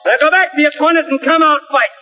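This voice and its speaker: An actor playing a boxing referee giving brisk, matter-of-fact instructions, in 1940s radio comedy style. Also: male voice, extremely high pitch. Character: businesslike male boxing referee. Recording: dull old radio recording with music.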